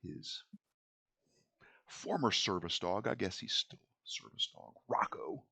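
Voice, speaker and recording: A middle-aged man running a tabletop game as game master, rambling and wry in a relaxed way. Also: deep voice, measured pace, gravelly, dry recording. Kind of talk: tabletop game narration and chat.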